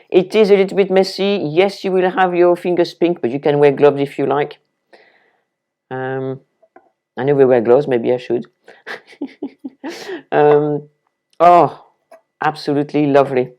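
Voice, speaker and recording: A cooking video host from France, speaking with a French accent, demonstrates a recipe at home, chatting cheerfully to the viewer as she chops vegetables. Her voice sits low with a dark tone.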